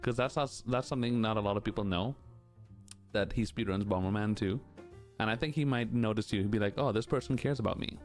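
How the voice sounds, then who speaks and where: Low-voiced male streamer, casual rambling chat, candid, filler-heavy, faint music under him. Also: brisk. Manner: candid, rambling, full of "like" and "you know". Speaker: streamer answering chat questions.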